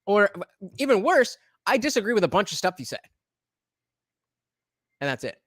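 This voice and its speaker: A man's voice: sits high, sing-song, normal speed, fairly bright tone, dry recording, clean studio sound. A man hosting a casual reaction stream, talking through a debate clip with lots of fillers, restarts and blunt swearing.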